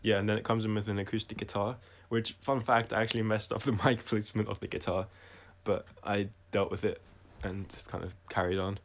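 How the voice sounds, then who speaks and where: A man talking through his own songs on a casual livestream, reflective and halting, often restarting his sentences and trailing off quietly. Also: fairly low pitch, flat delivery. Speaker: singer-songwriter explaining his songs.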